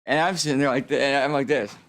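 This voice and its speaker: Gravelly man ranting a story. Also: quick pace, dry recording. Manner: swearing, animated, acts out dialogue with rising pitch. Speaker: streamer. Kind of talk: casual storytelling rant.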